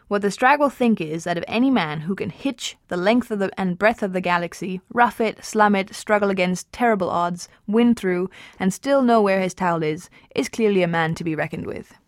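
A woman's voice: mid-range voice, no room sound. Woman reading a novel aloud, dry sound. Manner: steady, with small slips and restarts. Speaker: reader.

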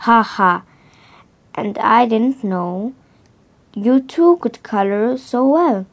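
A woman's voice: a little high, slow. A woman reading a storybook aloud and voicing Blue, a cheerful male color character who whoops with glee. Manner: whooping gleefully.

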